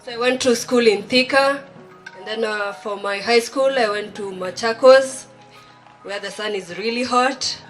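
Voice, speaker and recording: A woman's voice: fairly high pitch, unhurried, faint music behind. A woman from Kenya introducing herself hesitantly, with a few fillers. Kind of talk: self-introduction.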